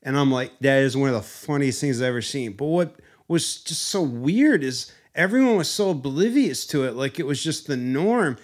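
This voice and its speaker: A man hosting a podcast, telling a funny story in a lively way and acting out scenes as he goes. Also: mid-range voice, normal speed, hardly any pauses. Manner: animated, acts out scenes with funny imitations. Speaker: podcast host. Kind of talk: casual storytelling chat.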